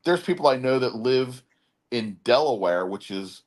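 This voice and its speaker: A man's voice: mid-range voice, lively intonation, normal speed. Philly guy hosting a podcast, rambly, keeps imitating how people talk. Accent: Philadelphia. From Philadelphia area. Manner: rambling, repeats words, mimics other people's speech. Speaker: podcast host. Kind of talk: casual chat.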